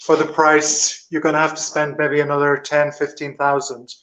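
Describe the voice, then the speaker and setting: Relaxed man showing a house on a video call. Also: fairly high pitch, moderate pace. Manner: relaxed, hesitant, with frequent ums. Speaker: guest on a live video link. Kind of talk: casual property tour over video call. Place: inside an old house.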